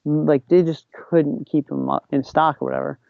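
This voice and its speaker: Gravelly rambling man telling road stories. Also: fairly high pitch, little pitch movement, normal speed, slight background noise. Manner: rambling, heavy use of "like", acts out quotes. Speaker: podcast guest. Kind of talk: casual storytelling. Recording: dull lo-fi podcast recording.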